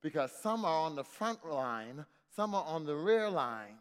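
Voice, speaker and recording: A man's voice: fairly high pitch, big pitch swings, a little slow, clean tone. A middle-aged man preaching a sermon in rhythmic call-and-response, repeating refrains and calling out to the congregation. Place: church sanctuary. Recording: long reverb of a church hall.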